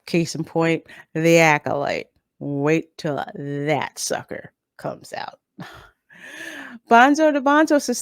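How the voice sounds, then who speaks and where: A woman's voice: low voice, animated, takes it slowly, clean tone, no echo, studio quality. A woman hosting a live-stream review, blunt and opinionated, stressing her points by repeating them in a casual commentary style. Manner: blunt, opinionated, emphatic repetitions. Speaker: YouTube channel host reading live chat.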